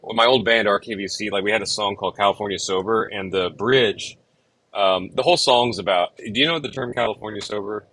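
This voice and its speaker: Man, lowish voice, bright and forceful tone, casual songwriting chat, rambling with fillers. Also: fairly quick, rough recording. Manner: rambling, lots of fillers and restarts. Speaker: songwriter and show host.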